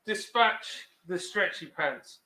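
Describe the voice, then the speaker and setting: A man's voice: high-pitched, lively intonation, takes it slowly, bright, forceful tone. A middle-aged man hosting a casual live chat, joking and rambling in a self-mocking way. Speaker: live stream host.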